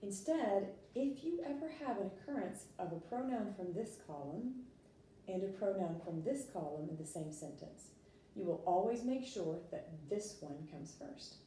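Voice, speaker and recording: A woman's voice: mid-range voice, lively intonation, measured pace, mellow. A woman teaching a recorded French lesson, explaining patiently step by step with fillers. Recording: echoey room, distant mic, faint noise.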